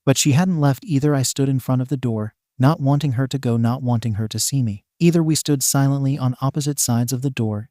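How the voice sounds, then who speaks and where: A man narrating a first-person fan fiction story in a steady reading delivery. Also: medium pitch, brisk, hardly any pauses, no room sound, studio quality.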